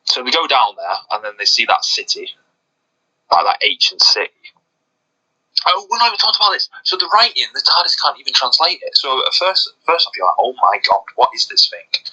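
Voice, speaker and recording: A man co-hosting a podcast in casual chat, talking excitedly with lots of restarts. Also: mid-range voice, fairly quick, slightly rough, rough recording. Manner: excited, rambling with many restarts. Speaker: podcast co-host.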